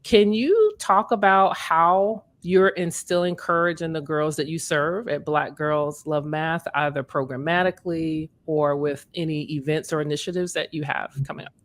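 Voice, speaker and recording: A woman's voice: low-pitched, fairly even intonation, moderate pace, hardly any pauses. A woman hosting an interview, speaking in an affirming, earnest way. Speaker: interview host. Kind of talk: conversational interview.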